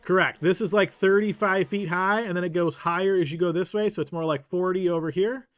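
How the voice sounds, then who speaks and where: A man narrating a tabletop game as game master, giving brisk, matter-of-fact rulings. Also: high-pitched, steady tone, a bit bright, dry recording, studio quality, soft background music.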